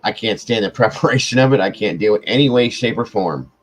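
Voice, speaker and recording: A livestream host with a very low, deep voice, tired after hours on air. He rambles through stories in loose, casual chat and swears freely. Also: fairly quick, crowd noise, poor audio. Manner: rambling, profane storytelling.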